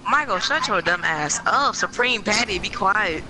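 A man's voice: high-pitched, expressive, moderate pace. A man trash-talking bluntly and profanely in a game voice chat. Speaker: gamer in voice chat. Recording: noisy game chat audio.

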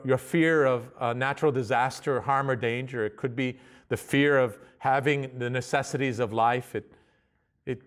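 Man preaching a conversational sermon. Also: on the high side. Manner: conversational preaching with frequent restarts and fillers. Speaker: pastor.

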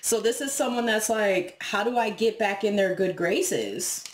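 A woman's voice: mid-range voice, unhurried, roomy sound. A woman giving a casual tarot reading to her viewers, talking frankly, swearing freely and laughing as she acts out what people say. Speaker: tarot reader.

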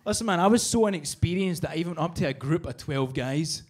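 A man's voice: a little high, lively intonation, quick pace, darkish tone. A Scottish man doing a profane stand-up set in a small bar, telling a story and acting out its voices. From Scotland. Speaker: stand-up comedian. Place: small bar with live audience.

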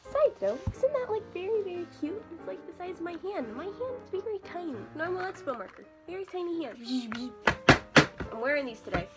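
A young woman vlogs casually from her bedroom while filming on her phone, chatty and rambling as she pokes fun at herself. Her voice is very high-pitched and sing-song, brisk in pace, heard over loud music.

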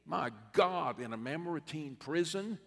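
A man preaching a sermon as a bishop, in a church sanctuary, with a preaching cadence that rises to loud repeated refrains. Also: fairly high pitch, lively intonation, a little slow, gravelly. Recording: long reverb of a church hall.

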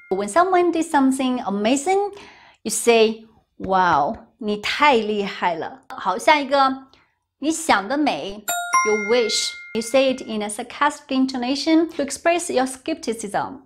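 A woman teaching a language lesson, saying each phrase, explaining it simply and repeating it slowly. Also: high voice. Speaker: Chinese teacher.

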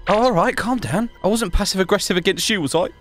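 Excitable man playing a game. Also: high-pitched, quick pace, faint music behind. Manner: chatty, excitable, exclaims and laughs often. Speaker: gaming YouTuber. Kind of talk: casual gameplay commentary.

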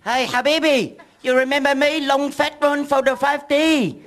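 A man doing a gruff menacing debt collector. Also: extremely high pitch, fairly even intonation, moderate pace, fairly bright tone, a faint crowd.

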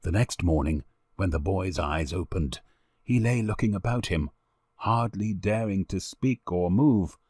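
Low-voiced man reading a storybook. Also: a little slow, slightly rough, no room sound, studio quality. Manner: expressive, lively storytelling. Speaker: narrator.

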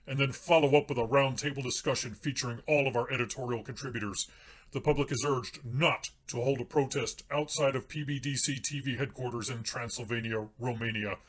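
A man playing a pompous TV news anchor reading a mock bulletin in a deadpan, formal manner. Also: mid-range voice, close to an everyday voice. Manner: formal, deadpan newsreader delivery.

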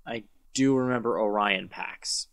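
A man's voice: lowish voice, measured pace, creaky, a bit bright, dry recording. A man co-hosting a podcast in casual chat, an enthusiastic fan who rambles and corrects himself mid-sentence. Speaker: podcast co-host.

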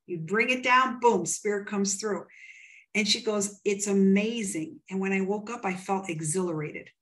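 A woman's voice: mid-range voice, moderate pace, a bit bright. A woman from the United States, a psychic medium, retelling a client conversation with emphatic, quoted dialogue in an interview. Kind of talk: animated storytelling in an interview.

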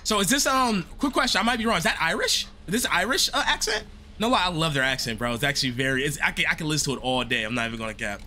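A man's voice: on the high side, animated, rapid-fire, sharp tone. A young man giving laid-back, slangy, rambling commentary while playing a horror game. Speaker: gaming streamer. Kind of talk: casual gameplay commentary.

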